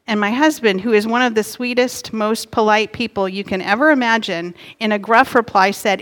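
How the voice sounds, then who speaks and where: A middle-aged woman pastor preaching a sermon in an earnest, gently emphatic way. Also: medium pitch, fairly even intonation, brisk, few pauses. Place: church sanctuary. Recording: long hall reverb.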